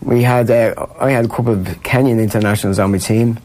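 A man's voice: mid-range voice, steady tone, fast, darkish tone. A man with an Irish accent, a guest telling stories in a rambling, chatty way with frequent laughter. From Ireland. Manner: rambling, laughs often, many restarts. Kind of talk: casual storytelling chat.

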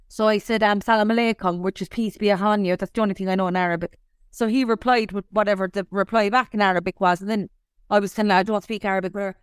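A young Irish woman telling an animated story on a podcast, swearing freely as she talks. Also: medium pitch, smooth, dry recording, studio quality. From Ireland. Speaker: podcast co-host. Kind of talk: casual chat.

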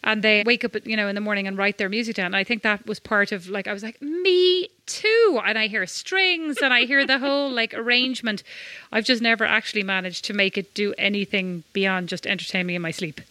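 A woman's voice: medium pitch, fast talker, pushed and bright, no echo. An Irish woman co-hosting a podcast, chatting casually and telling rambling, self-mocking stories. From Ireland. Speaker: podcast co-host. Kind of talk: casual chat.

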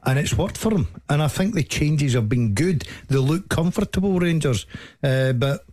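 A man's voice: on the high side, lively intonation, normal speed, darkish tone, no room sound, clean studio sound. A man analysing a football match as co-commentator, plain-spoken and emphatic.

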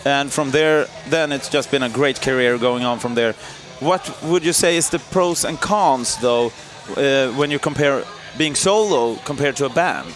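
A man's voice: medium pitch, fairly bright tone, faint music behind. Man, thirties, Swedish native speaker, interviewer, enthusiastic, outdoor festival. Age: 30s. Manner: eager, enthusiastic, quick to agree.

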